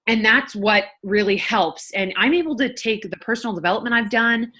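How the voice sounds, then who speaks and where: This woman, a nurse and health coach, chats frankly with her viewers to camera and lets slip the odd casual swear. Her voice sits at a medium pitch with a sharp tone.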